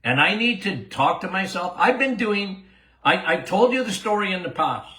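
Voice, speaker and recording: Older male doctor-host, casual Q&A podcast, emphatic, laughs a lot, slightly high bright voice, echoey room. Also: moderate pace. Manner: animated, emphatic, repeats himself, laughs often.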